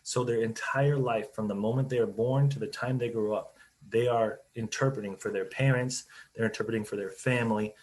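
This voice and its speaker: A man's voice: lowish voice, fairly even intonation, brisk, a little mellow. A man, a company CEO, giving conversational, explanatory answers in an interview over a video call. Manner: conversational, explanatory, laughs easily.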